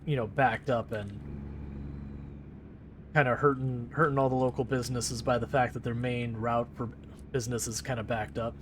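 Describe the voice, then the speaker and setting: A man's voice: mid-range voice, fairly even intonation, moderate pace, long pauses, background noise. A man casually chatting with his live-stream viewers while driving in a game, rambling and laughing easily. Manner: talks to chat while driving.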